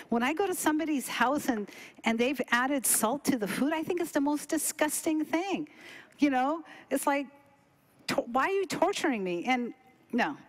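A middle-aged woman tells a story in a casual, chatty way. Her voice sits a little high, and she leaps up and down in pitch when she acts out what other people said. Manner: animated, acts out quoted dialogue with big pitch jumps. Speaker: cooking demo presenter.

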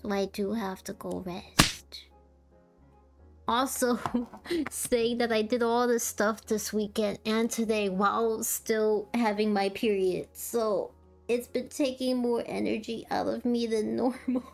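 A woman streamer in a casual chat with her live chat, tired and with a sore throat, soft-spoken and laughing often. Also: on the high side, fairly even intonation, slow pace, vocal fry, faint music behind. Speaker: VTuber streamer.

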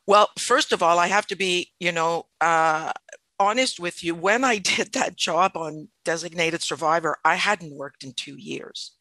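A middle-aged woman from French Canada tells a story from her acting career on a podcast. Her voice is bright and forward, and the recording is close and dry with no room around it. She talks thoughtfully and often circles back to restart a sentence. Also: fairly low pitch, unhurried, no room sound. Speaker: actor, podcast guest. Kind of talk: casual interview storytelling.

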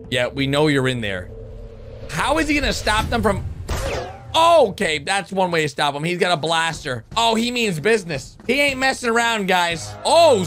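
A young man hosting an excited reaction commentary on animations, with loud outbursts and laughter. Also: sits high. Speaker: YouTube host reacting to animations. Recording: background music under the voice.

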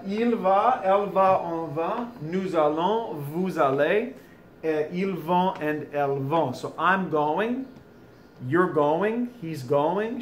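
A man's voice: a little high, a little hiss or hum. A man teaching a French lesson in a recorded video, chatty, with folksy asides, recording from home. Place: home, during school closure.

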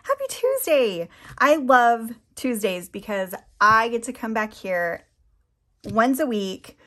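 A woman's voice: fairly high pitch, slow, pushed and bright. A woman talking casually to her camera as a nail polish vlogger, flustered and rambling, with frequent laughs.

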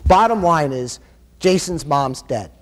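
A man's voice: a little high, lively intonation, unhurried. A man giving a conference keynote, telling stories in an emphatic, impassioned way. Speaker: keynote speaker. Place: university conference hall. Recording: long hall reverb.

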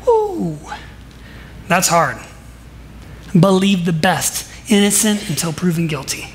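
High-voiced, emphatic male preacher. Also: wildly swooping pitch, takes it slowly, slight background noise. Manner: emphatic storytelling, swings between soft asides and loud declarations. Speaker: pastor. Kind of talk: sermon. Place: church service.

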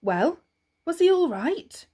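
A woman doing a gruff father hedgehog. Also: very high voice, big pitch swings, slow pace, mellow, pitched above the performer's own voice, heavily acted. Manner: gruff, blustering.

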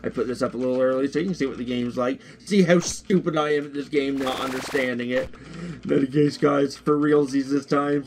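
A man giving casual gameplay commentary as a YouTuber, excitable, jokey and easily frustrated. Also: medium pitch, fairly quick. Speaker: gaming YouTuber.

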